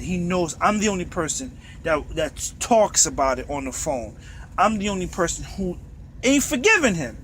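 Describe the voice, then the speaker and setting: A man's voice: on the high side, fairly bright tone, slight background noise. A truck driver with a New York accent, ranting in a bitter, profane monologue from inside his truck cab.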